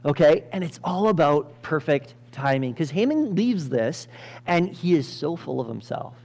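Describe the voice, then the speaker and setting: A male pastor telling a Bible story in a lively sermon, acting out the characters with sudden loud bursts and frequent laughter. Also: fairly high pitch, moderate pace, gravelly. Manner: animated, acts out characters with sudden loud jumps, laughs often. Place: church.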